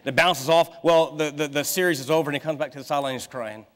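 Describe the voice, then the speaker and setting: A man in his thirties preaching a sermon, telling a family story in a lively way and acting out the people in it. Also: on the high side, fast. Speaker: pastor. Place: church sanctuary. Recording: long hall reverb in a church.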